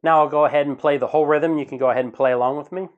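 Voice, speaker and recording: A man teaching a guitar strumming lesson in a relaxed, casual way, counting the beats slowly aloud. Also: fairly high pitch, clean tone, narrow, tinny audio. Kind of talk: casual instructional talk. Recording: guitar playing in the background.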